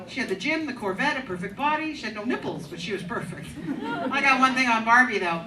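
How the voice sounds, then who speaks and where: A woman's voice: a little high, animated, fast. A middle-aged woman performing a crude, teasing stand-up set in a comedy club, working the crowd. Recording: echoey club from a distance, crowd. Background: audience laughter.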